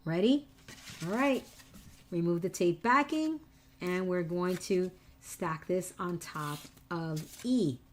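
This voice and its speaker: A woman walks viewers through a craft project at a relaxed, slow pace. She is chatty and teasing with her audience and repeats each step. A faint hiss sits behind her voice. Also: fairly low pitch. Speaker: papercraft tutorial host. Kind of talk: live-stream craft tutorial.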